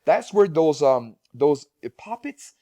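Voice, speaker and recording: A man's voice: fairly high pitch, big pitch swings, unhurried, warm tone, no echo. A man talking casually as a guest speaker in an interview, speaking with frequent restarts and repeated words. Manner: rambling, many restarts and repeated words, laughs often.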